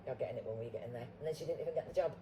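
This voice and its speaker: A middle-aged Yorkshire woman chatting as a guest, blunt and salty-tongued. Her voice is very dark and mellow, and a faint hiss sits under the recording. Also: very deep voice, racing, rough recording. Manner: blunt, swearing, storytelling. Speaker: guest actor. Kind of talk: casual chat.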